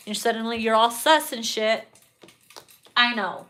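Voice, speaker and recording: A woman's voice: a little high, a little slow. A woman giving a casual tarot reading, swearing freely and laughing often. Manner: profane, laughing, animated. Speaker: tarot reader.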